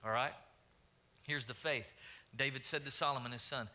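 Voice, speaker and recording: A man's voice: medium pitch, steady tone, moderate pace, pauses often. A man preaching a sermon as pastor, repeating phrases and calling out questions to the congregation. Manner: preaching, rising to loud emphatic calls; repeats and restarts phrases, asks the crowd questions.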